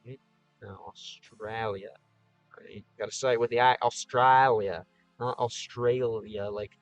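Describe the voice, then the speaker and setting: A man's voice: on the low side, a bit bright, poor audio. A man casually chatting on a livestream as he answers viewer comments, thinking aloud with frequent restarts. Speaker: streamer answering live chat.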